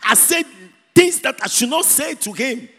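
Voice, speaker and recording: A man's voice: very high voice, animated, moderate pace, sharp tone, slightly rough. A man from Ghana preaching a sermon in a church, emphatic, repeating key words and singing out phrases. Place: church hall. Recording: echoey church hall with long reverb.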